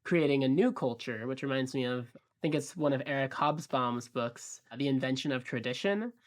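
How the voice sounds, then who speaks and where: Podcast host thinking out loud, calm and measured, mid-pitch voice. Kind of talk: conversational interview questions.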